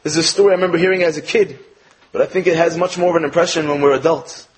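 A man giving an earnest inspirational talk, telling parables in an animated storytelling manner. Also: on the high side, racing, husky, poor audio. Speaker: speaker.

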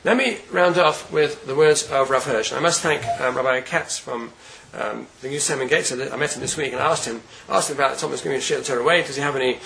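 A man giving a Torah lecture, earnest and deliberate, often repeating words while he searches for the next phrase. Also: mid-range voice, gravelly, fairly bright tone, a little hiss or hum, rough recording. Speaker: rabbi giving a Torah class.

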